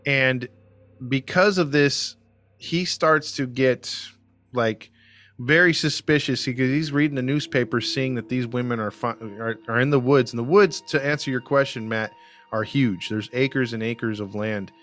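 A man's voice: medium pitch, a little slow, fairly bright tone, faint music behind. Man telling a true-crime story casually. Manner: storytelling with many fillers and restarts. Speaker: podcast co-host.

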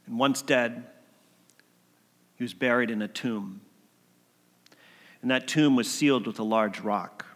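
A man telling a story as a sermon, swinging between emphatic lines and hushed ones. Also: mid-range voice. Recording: long hall reverb.

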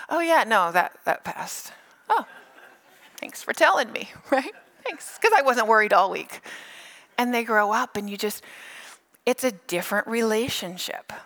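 Middle-aged woman, pastor, sermon, bright tone, fairly high voice, playful storytelling. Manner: animated, playful storytelling with funny asides.

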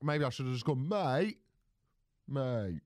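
A young man talks casually on a podcast. He acts out every voice in his stories and swears freely. His voice sits a bit low, and the recording is close and dry. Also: lively intonation, brisk, a little mellow, no room sound. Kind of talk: casual chat.

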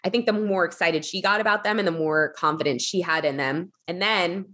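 Chatty woman with a lowish voice. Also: fairly quick, a bit bright. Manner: chatty, many fillers, acts out quotes in a higher voice. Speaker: podcast guest. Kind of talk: casual storytelling in an interview.

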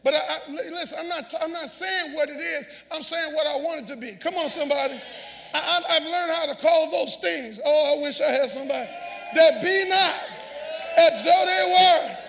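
High-pitched shouting preacher, reverberant church. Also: male voice, brisk, gravelly, some chatter behind. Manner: shouting call-and-response preaching; repeats phrases and stammers restarts. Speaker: pastor. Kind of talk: sermon. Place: large church sanctuary. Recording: long church reverb, faint congregation.

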